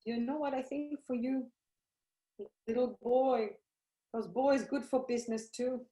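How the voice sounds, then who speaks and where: A woman's voice: on the high side, fairly even intonation, measured pace, dark tone, lightly acted. A woman reading the part of an anxious older Italian immigrant mother, pleading in broken English with an Italian accent. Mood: soothing. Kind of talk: cold-read play reading. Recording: roomy echo.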